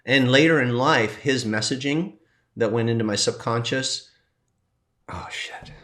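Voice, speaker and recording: A man, a teacher and coach, telling a personal story in a halting, heartfelt way and pausing to compose himself as he gets choked up. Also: mid-range voice, fairly bright tone. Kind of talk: emotional personal sharing.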